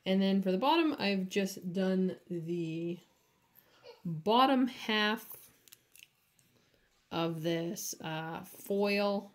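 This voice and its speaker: A woman's voice: medium pitch, expressive. A woman doing nails in her home studio, talking through each step in a casual, chatty way with lots of fillers. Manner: slow, chatty, with many fillers. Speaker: nail artist. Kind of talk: casual tutorial chat.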